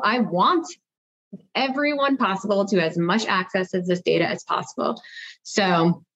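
A woman guest on an interview podcast, a marketing executive, answering in an upbeat, conversational way and thinking aloud with fillers, on a dull lo-fi remote recording. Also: medium pitch.

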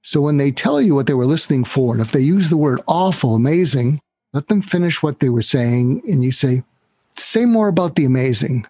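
A man speaking as a guest on an interview show, walking the listener through a sales method in an instructive way. His voice is husky and sits at an ordinary middle pitch. The recording is close and dry. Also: lively intonation, fairly quick, warm tone, no room sound. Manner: instructive, acts out quoted dialogue. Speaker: guest author. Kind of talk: podcast interview, explaining sales technique.

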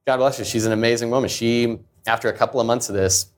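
An earnest man in his thirties speaks candidly as an interview guest, his pitch sitting mid-range. He tells his story openly and acts out the voices of the people in it. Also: steady tone, fast. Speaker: founder and CEO, guest.

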